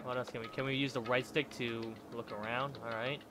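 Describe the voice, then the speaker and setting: A man's voice: medium pitch, flat delivery, fairly quick. A man giving casual gameplay commentary, thinking aloud and chuckling as he plays. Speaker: let's player. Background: game music.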